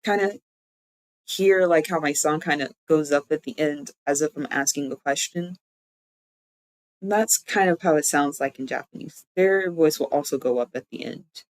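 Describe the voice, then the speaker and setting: During a casual language lesson on stream, the streamer explains things loosely, peppered with "like," often fixing sentences partway and thinking out loud. Their mid-pitched voice moves at a moderate pace and sounds dry and close, with no room sound and rough recording quality.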